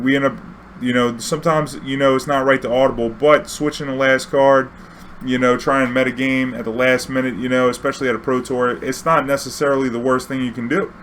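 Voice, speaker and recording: A man's voice: medium pitch, a little hiss or hum. A young man, telling a casual, profane, slang-heavy story as a vlog host. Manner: profane, laid-back, full of slang and fillers.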